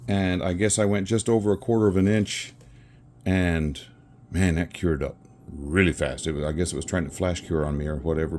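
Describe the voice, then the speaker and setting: Guy with a low mellow voice chatting while he pours resin at home, bit of hiss behind. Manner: rambling, self-correcting, chuckles at himself. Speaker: resin crafter. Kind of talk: casual crafting narration. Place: home craft workspace with camera on a tripod.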